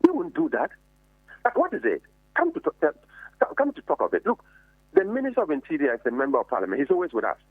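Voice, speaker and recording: A man's voice: on the high side, huge pitch swings, fast talker, husky, no echo. A man, a member of parliament, speaking with indignant emphasis and rhetorical questions. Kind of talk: heated political commentary. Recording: tinny phone-like dry line.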